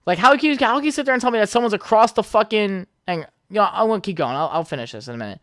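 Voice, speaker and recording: A man's voice: sits high, animated, racing, few pauses, a bit bright, no room sound, clean studio sound. A young man hosting his own podcast alone, rambling casually, swearing a lot and laughing at his own jokes. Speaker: podcast host. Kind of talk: casual solo podcast chat.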